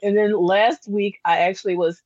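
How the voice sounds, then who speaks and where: A woman who runs a candle business, a guest on a casual podcast, telling her story in an animated, chatty way with many fillers. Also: mid-range voice, moderate pace, dry recording. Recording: dull lo-fi dry sound.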